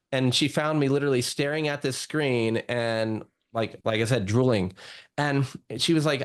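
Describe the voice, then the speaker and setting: A man, a doctor, telling his own story in a casual interview, full of "like" and "you know". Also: mid-range voice. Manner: chatty, lots of "like" and "you know". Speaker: guest doctor.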